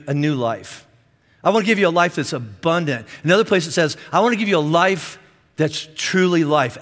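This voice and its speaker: A male pastor with a notably high voice, preaching in an animated, joking way. His words ring out with a long reverb, as in a big church auditorium. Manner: animated, self-deprecating joking with the congregation. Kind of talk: sermon.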